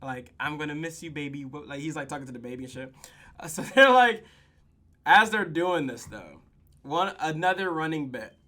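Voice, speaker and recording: A young man hosting a podcast, casually recapping a TV episode in animated, profane slang and acting out the characters' lines. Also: fairly high pitch, normal speed.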